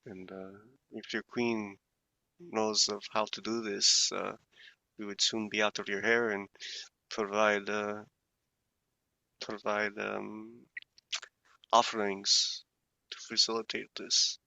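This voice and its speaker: A male player speaks in character with a gravelly, bright, low-set voice. He is formal and courteous, often hesitating mid-sentence, and he sounds dry and close to the mic. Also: flat delivery, slow pace, long pauses, dry recording, lo-fi sound. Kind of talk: in-character tabletop role-play.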